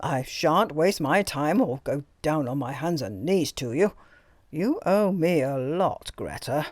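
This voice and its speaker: A woman reading an audiobook voices a domineering older princess who speaks slowly, coldly and sarcastically. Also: low-pitched, animated, darkish tone, dry recording. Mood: sarcastic. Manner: slow, cold, sarcastic. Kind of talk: audiobook character voice.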